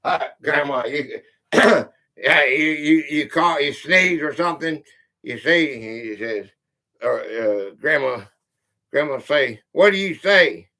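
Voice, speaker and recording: Bright-voiced, slow-talking male quiz host. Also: a little high. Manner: reads out quiz questions, spells and counts letters aloud, greets chat viewers by name; chatty, easily amused. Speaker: quiz game livestream host. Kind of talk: casual live-stream chat.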